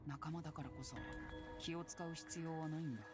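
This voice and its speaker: A man plays a principled male scientist in a story game, calm and blunt about his own suspicion. His voice is fairly high for a man and he speaks quickly. Game music runs clearly underneath. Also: lightly acted. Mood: earnest. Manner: calm, direct and self-assured. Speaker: game character. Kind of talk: Japanese game voice acting.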